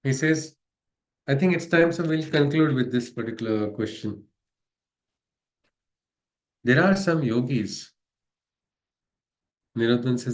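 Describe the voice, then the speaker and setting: A man's voice: mid-range voice, slow pace, long pauses. A man with an Indian English accent, reading spiritual letters aloud and explaining them in a conversational way, often ending on a tag question. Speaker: spiritual study-circle leader.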